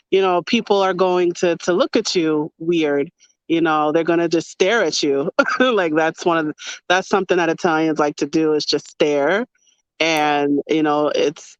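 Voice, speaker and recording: A woman's voice: on the low side, clean tone, dry recording, muffled recording. A woman from the United States hosting a podcast, chatting casually and often laughing while recounting stories. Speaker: podcast host. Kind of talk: casual conversation.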